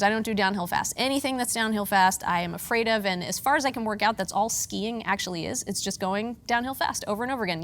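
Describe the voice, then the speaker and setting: Female preacher, 30s, from the Pittsburgh area; lively storyteller with a wry, self-deprecating streak. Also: on the high side. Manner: lively, self-mocking humor with earnest hushed moments. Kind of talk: storytelling sermon.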